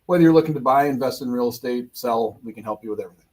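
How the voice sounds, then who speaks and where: A man's voice: medium pitch, racing, a little mellow. A man co-hosting a live radio talk show in a studio, talking in a friendly, chatty way and repeating phrases. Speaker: radio co-host and real estate agent.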